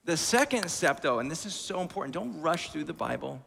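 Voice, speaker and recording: A man preaching a sermon in a lively, conversational way, with asides, in a church hall. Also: a little high, fairly quick, vocal fry, a little hiss or hum. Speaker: pastor. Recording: long church reverb.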